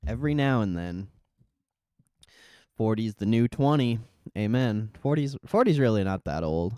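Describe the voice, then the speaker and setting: Brief: male streamer, laid-back and profane, talking to chat, smooth clear tone, dry close sound. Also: fairly low pitch, normal speed, dry recording. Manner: relaxed, profane, reading chat aloud. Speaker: livestream host. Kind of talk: casual live stream chat.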